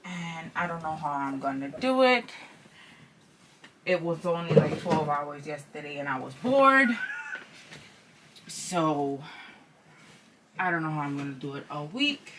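A woman's voice: sits low, animated, a little slow, long pauses, background noise. A woman in her thirties, a stay-at-home mom, chatting casually in a vlog at home, rambling and slangy, sometimes dropping to a whisper during chores. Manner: drops into whispers while doing chores. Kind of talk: casual vlog chat to camera.

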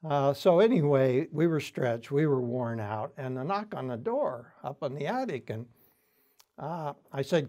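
A man's voice: mid-range voice, animated, moderate pace, warm tone. An older man telling stories in an oral history interview, reflective, with frequent fillers and restarts. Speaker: interviewee, founding center director.

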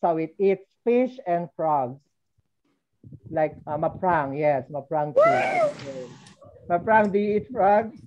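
A woman's voice: lowish voice, wildly swooping pitch, slow, a little mellow, a little hiss or hum. A woman teaching English to young children over a video call, patiently prompting and drilling their answers. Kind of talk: online class with young children. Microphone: computer mic on a video call.

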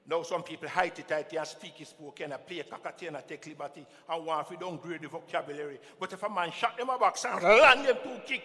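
High, bright Jamaican man chanting poetry. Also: fast, few pauses, in a large hall. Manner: chanting, call-and-response, animated shifts between loud and hushed. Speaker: poet performer. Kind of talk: rhythmic spoken-word dub poetry performance. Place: festival stage in a hall.

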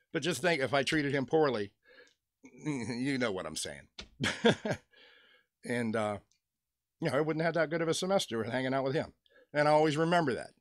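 A man's voice: medium pitch, no echo, clean studio sound. A middle-aged man from western Pennsylvania rambling through a joking story at home, chuckling as he talks. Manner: chatty, joking, chuckles between stories. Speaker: toy customizer vlogger. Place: at home with his dog nearby.

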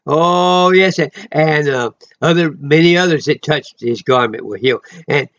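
A man giving an informal, rambling sermon he records himself, full of emotional asides and sudden loud exclamations. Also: a little high, normal speed, highs cut off. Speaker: preacher.

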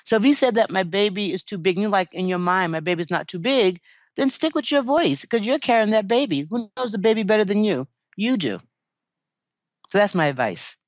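A woman's voice: medium pitch, lively intonation, a little fast, no echo, highs cut off. A woman midwife giving earnest, encouraging advice in a podcast interview, often saying "you know". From United States. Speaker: midwife guest.

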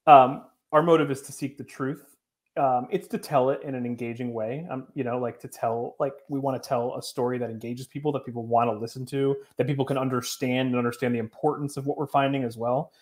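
A man's voice: medium pitch, fairly even intonation, a little fast. A man answering as a guest journalist, earnest and defensive, with many fillers as he explains himself. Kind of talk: interview answers.

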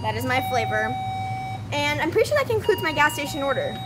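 A young woman with a high voice talks casually and playfully into a handheld camera. Music plays clearly underneath her. She sounds chatty and easygoing. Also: big pitch swings, fairly quick, rough recording. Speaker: vlogger. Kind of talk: casual travel vlog chat.

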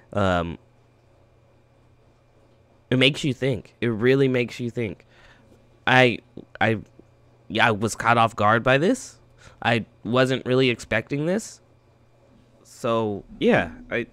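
A man hosting a reaction video, talking in an earnest, heartfelt way with pauses and ums. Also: mid-range voice, lively intonation, a bit bright, no echo. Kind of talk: casual reaction commentary.

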